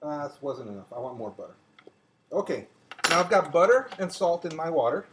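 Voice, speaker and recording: A man's voice: fairly high pitch, animated, a little fast, a bit bright, slight background noise, poor audio. A chatty older man hosting a casual home cooking demonstration in his kitchen, talking viewers through each step as he works. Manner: chatty, talks to viewers as he cooks. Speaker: home cooking show host.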